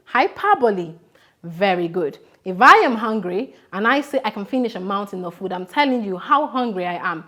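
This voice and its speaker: A young Nigerian woman with a Nigerian accent, a teacher contestant giving an expressive classroom lesson to camera and acting out her examples. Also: medium pitch. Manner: expressive, acts out examples dramatically.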